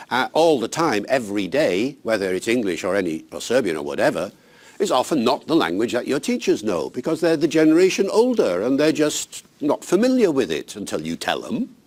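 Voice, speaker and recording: An older man, a linguist, giving teachers unscripted advice in an animated, emphatic, conversational way. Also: medium pitch, a little fast. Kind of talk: unscripted explanatory talk.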